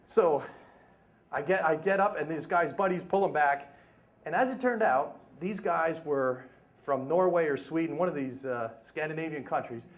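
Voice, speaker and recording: A man's voice: fairly high pitch, normal speed. A middle-aged man telling a humorous story live at a story slam, with chatty asides to the listeners. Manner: animated, humorous, conversational asides.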